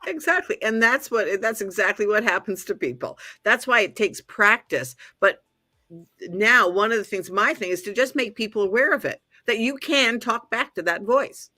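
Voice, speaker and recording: Bright-voiced woman in her sixties coaching. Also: medium pitch, lively intonation, normal speed. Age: 60s. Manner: earnest, coaching tone, affirms often. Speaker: talk show co-host. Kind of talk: casual chat.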